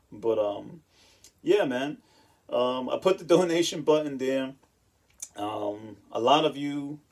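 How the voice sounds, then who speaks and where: A man's voice: on the low side, gravelly, a little mellow, breathy edge. A man talking casually to his channel viewers, laid-back and chatty, often laughing and saying "you know.". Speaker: channel host. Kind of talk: casual monologue vlog. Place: home in Japan.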